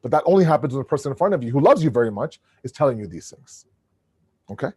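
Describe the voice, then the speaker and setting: Booming male lecturer on a video call, animated, dry close sound, frequent restarts. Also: fast talker, slightly rough, no echo. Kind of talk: online religious lecture.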